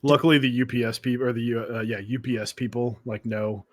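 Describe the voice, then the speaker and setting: A man co-hosting a casual chat, telling animated stories and laughing often. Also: mid-range voice, quick pace. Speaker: podcast co-host.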